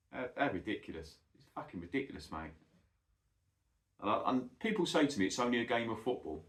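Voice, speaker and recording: A middle-aged man, ranting bluntly and swearing a lot in a casual monologue, calling the listener "mate". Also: fairly low pitch. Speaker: football vlogger. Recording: echoey room.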